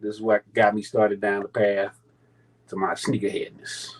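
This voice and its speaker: Profane, animated man in his thirties. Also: fairly low pitch, normal speed, poor audio. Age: 30s. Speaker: sneaker battle contestant. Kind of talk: casual storytelling chat.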